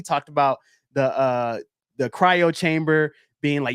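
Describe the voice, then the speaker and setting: A man hosting a casual sports podcast, telling stories with animated energy and slipping into quick impressions of the people he describes. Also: mid-range voice, no room sound, studio quality. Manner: animated storyteller who jumps into quoted voices. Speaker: podcast host.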